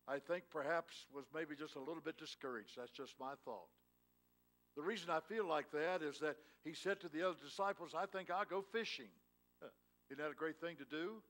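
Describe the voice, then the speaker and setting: A man's voice: a little high, a bit bright. A male pastor preaching a sermon in a church, telling a Bible story in a folksy way and rising with emphasis. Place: church sanctuary.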